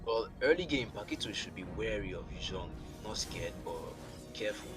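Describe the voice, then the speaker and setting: A man's voice: fairly low pitch, expressive, brisk. A man casting a live esports match, chatty and rambling, thinking aloud as he goes. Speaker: esports caster. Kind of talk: live game commentary. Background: game music.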